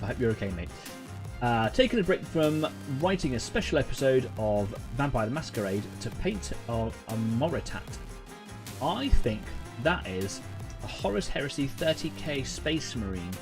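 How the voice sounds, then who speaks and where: A man, hosting a live painting stream in a rambling, chatty way with lots of fillers. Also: medium pitch. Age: 30s. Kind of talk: casual live-stream chat. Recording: faint music behind.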